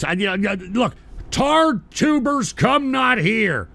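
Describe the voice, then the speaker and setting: A man's voice: high voice, big pitch swings, slow, creaky, a bit bright, a little hiss or hum. A man hosting a call-in show, talking crude and ranting with constant swearing. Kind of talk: profane call-in stream chat.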